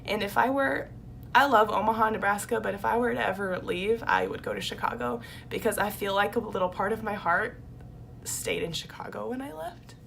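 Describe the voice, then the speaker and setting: Bright, gravelly-voiced young woman vlogging. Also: mid-range voice, lively intonation, a little fast, slight background noise. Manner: chatty, heavy use of "like", openly emotional. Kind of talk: casual storytelling vlog.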